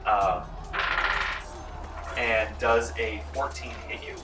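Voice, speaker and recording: A man running a tabletop game as game master, telling the action with animated energy and shouting out the characters' lines. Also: on the low side, slow pace, reverberant, far from the mic, music in the background, poor audio. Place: large room, library program.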